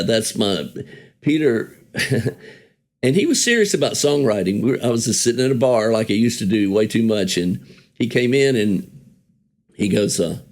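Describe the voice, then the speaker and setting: A songwriter telling stories about an old friend in an easygoing, rambling way, often correcting himself and chuckling as he talks. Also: on the low side. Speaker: songwriter guest remembering a friend. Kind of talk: conversational storytelling.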